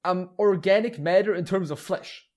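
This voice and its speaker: This podcast host is a man with a high, slightly mellow voice at a normal pace. He goes into lore at length in a casual chat, restarting frequently, putting things bluntly and laughing at times.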